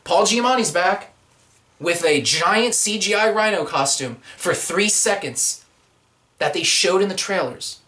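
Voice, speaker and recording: A man hosting a casual movie-review podcast, ranting and animated, often slipping into silly voices. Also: high-pitched, a little slow. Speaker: podcast host.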